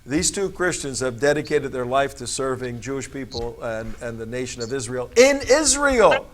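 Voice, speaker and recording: A man's voice: medium pitch, big pitch swings, normal speed, crowd noise. A man hosting a talk show, rambling and jokey with his guest. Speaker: show host.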